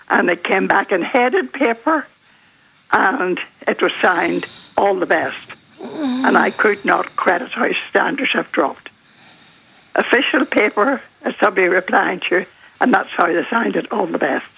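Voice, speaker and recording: A woman's voice: medium pitch, unhurried, creaky, a bit bright, husky. An older woman from Northern Ireland with a Northern Irish accent, phoning in to a radio talk show, indignant and emphatic. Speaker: caller. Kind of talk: radio phone-in. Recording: phone line.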